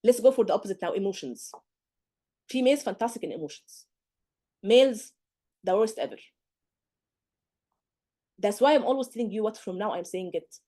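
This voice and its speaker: A woman's voice: medium pitch, animated, normal speed, pauses often, warm tone. A woman tutoring medical exam candidates in a live lecture, emphatic and constantly checking in with "okay?" and "do you get?".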